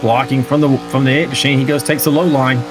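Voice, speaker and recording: A man's voice: mid-range voice, level tone, fast. A man doing live play-by-play commentary of a simulated stock car race, chatty and joking, reading out viewer chat as he goes. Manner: conversational, reads viewer chat aloud, joking asides. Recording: race car engine noise behind. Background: racing car engines.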